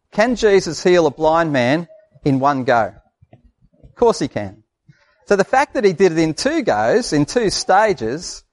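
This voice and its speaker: Man, Australian accent, sermon, chatty and folksy, repeats himself for emphasis, fairly high voice. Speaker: preacher.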